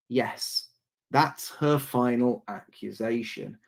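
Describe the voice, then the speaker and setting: A man delivers a speech slowly, weighing each word. His pitch rises and falls widely, and his voice has a husky edge. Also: animated, darkish tone. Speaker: speaker in a played clip. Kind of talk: public speech.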